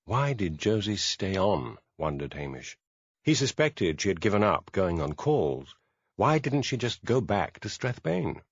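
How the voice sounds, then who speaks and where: A man narrating a mystery audiobook in expressive scripted narration. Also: on the low side, a little slow, breathy edge, dry recording, highs cut off. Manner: expressive storytelling.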